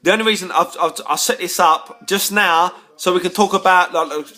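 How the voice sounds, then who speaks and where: A man's voice: high voice, steady tone, moderate pace, pushed and bright. A tipsy man, rambling to camera in a casual rant, stumbling over repeated words and swearing when riled. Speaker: vlogger.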